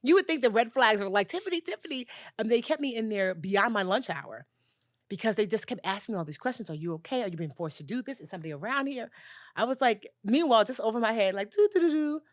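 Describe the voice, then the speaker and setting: A woman, a personal finance educator, telling a story as a podcast guest and acting out the dialogue with lively jumps in her voice. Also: fast, dry recording, studio quality. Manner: animated storyteller, acts out dialogue with big pitch jumps. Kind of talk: storytelling in a conversational interview.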